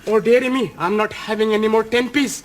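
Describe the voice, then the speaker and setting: A man's voice: sits high, steady tone, brisk, a little hiss or hum, natural voice. An actor playing a fretful man hooked on a slot machine, speaking English in odd continuous tenses.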